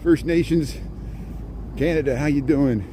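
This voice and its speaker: A man's voice: on the high side, a little slow. A man casually chatting while walking outdoors on a cold, windy street, rambling and answering viewers as he goes. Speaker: vlogger giving a city walking tour. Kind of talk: casual walking livestream chat.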